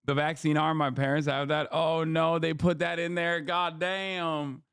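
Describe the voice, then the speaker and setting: A man's voice: a little high, level tone, unhurried, a bit bright, clear, resonant tone, no room sound, studio quality. A man reacting on a live stream, joking and swearing as he talks over a playback.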